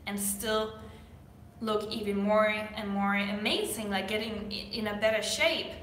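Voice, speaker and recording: A woman's voice: medium pitch, fairly even intonation, measured pace, fairly bright tone, reverberant, a little hiss or hum, low-quality recording. A woman giving casual fitness advice in a Q&A vlog, repeating her points with lots of fillers. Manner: repetitive, filler-heavy emphatic advice. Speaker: fitness YouTuber.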